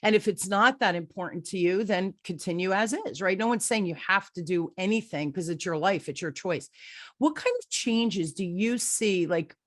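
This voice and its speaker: A woman's voice: medium pitch, moderate pace, dry recording. A middle-aged woman, hosting an interview in a conversational way and telling stories with acted-out dialogue. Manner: animated storyteller, acts out dialogue. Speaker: podcast host.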